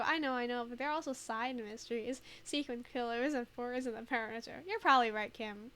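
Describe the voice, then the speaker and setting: A woman's voice: fairly high pitch, brisk, hardly any pauses, a bit bright. A woman streamer chatting casually over a game, laughing often and thinking aloud with lots of fillers. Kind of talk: casual let's play commentary.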